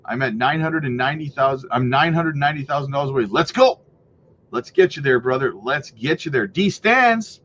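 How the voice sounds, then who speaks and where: A man's voice: medium pitch, expressive, a little fast, fairly bright tone. A man hosting a casual livestream, reading viewer comments aloud in an upbeat, hyped way, full of "you know" and "right". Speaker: crypto livestream host. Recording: slightly muffled with faint noise.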